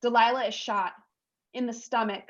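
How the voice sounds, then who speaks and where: A woman's voice: fairly high pitch, steady tone, normal speed. Lady reading stage directions, tense, muffled recording. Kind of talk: play reading.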